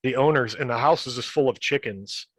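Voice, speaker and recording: A man's voice: medium pitch, brisk, dry recording. A man in his fifties, a guest on a podcast, telling casual stories with restarts and laughter. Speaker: podcast guest, metal band member. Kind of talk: casual storytelling chat.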